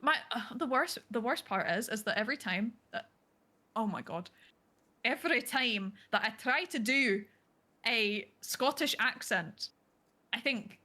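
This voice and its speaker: A woman's voice: on the high side, lively intonation, a little slow, pushed and bright. A woman with a Northern Irish accent, streaming and chatting casually, giggly and self-deprecating. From Northern Ireland. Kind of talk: casual chat.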